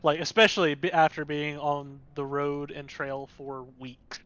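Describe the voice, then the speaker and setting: High-voiced man running the game. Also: steady tone, measured pace, fairly bright tone, lo-fi sound, faint music behind. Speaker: game master. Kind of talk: narrating a tabletop game.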